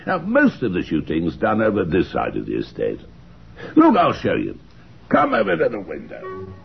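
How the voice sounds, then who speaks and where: An actor playing a blustering old retired general who talks in gruff, clipped phrases. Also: male voice, lowish voice, wildly swooping pitch, moderate pace, lo-fi sound, a little hiss or hum, exaggerated voice. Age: older. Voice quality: gravelly, clipped.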